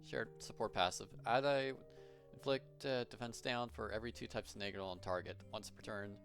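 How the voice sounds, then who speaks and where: A man's voice: on the low side, steady tone, brisk, fairly bright tone, faint music behind. A man streaming a game live, casually thinking aloud and reacting to what happens on screen. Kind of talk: live gameplay commentary.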